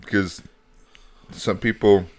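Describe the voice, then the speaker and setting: Laid-back podcast guy with a really low voice, tosses in short questions. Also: level tone, slow pace, crowd noise. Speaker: podcast co-host. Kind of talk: casual chat.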